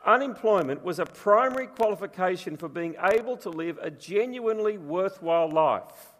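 A man's voice: high voice, lively intonation, moderate pace, fairly bright tone. A man preaching a sermon as pastor, telling stories in a chatty, humorous way. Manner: chatty storytelling with humour. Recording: long reverb from a large room.

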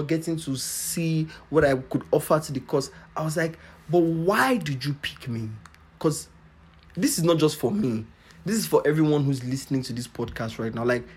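A young man from Nigeria speaks, hosting a podcast. He tells a personal story in an animated, exclamatory way and laughs between lines. His voice sits at an ordinary middle pitch. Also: slightly rough. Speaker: podcast host.

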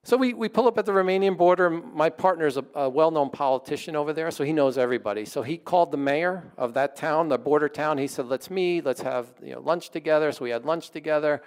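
A pastor telling a story in his sermon, in a conversational and animated way. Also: on the high side, fast, few pauses, clear, resonant tone.

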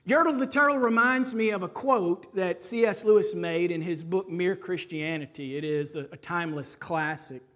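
A woman preacher reading a rhyming children's story aloud with expressive rhythm, then turning to a sermon point. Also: fairly low pitch, normal speed, hardly any pauses.

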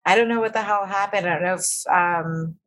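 A woman's voice: medium pitch, brisk, fairly bright tone. A young woman chatting casually on a podcast, laughing often and trailing off mid-sentence. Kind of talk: casual chat.

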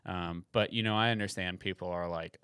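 A man hosting a podcast in casual chat, chatty and quick to joke and laugh. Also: low-pitched, fairly even intonation, fairly bright tone, clean tone, no room sound, studio quality. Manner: chatty, jokes and laughs often. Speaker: podcast host.

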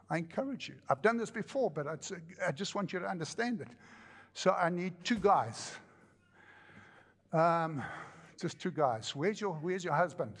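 A male pastor giving an animated, joking sermon with repeated phrases to a congregation. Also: sits high, big-room sound. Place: church hall with congregation.

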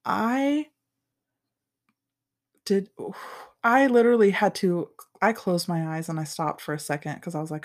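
A woman's voice: measured pace, pauses often. A young woman co-hosting a podcast, telling a story in casual, profane chat and acting out what people said. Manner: animated, profane, acts out quotes with big pitch jumps. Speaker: podcast co-host.

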